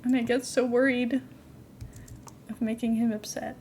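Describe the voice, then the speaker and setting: A young adult woman streaming a game from home, chatting in a rambling, casual way and cooing softly at her cat now and then. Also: a little high, level tone, moderate pace, slight background noise. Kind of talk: casual live-stream chat while gaming.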